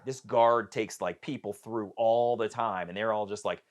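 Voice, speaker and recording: Animated storytelling man, low voice. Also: normal speed, hardly any pauses. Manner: animated, acts out the voices of people in his story. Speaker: podcast guest. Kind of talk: personal storytelling.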